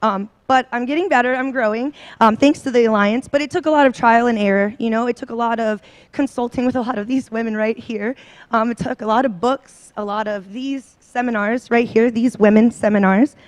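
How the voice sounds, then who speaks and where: A woman's voice: a little high, fairly quick, dry recording. A woman in her thirties speaking to a seminar audience on a handheld mic, bubbly and a little nervous, full of ums and likes. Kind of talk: personal talk to an audience. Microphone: handheld microphone.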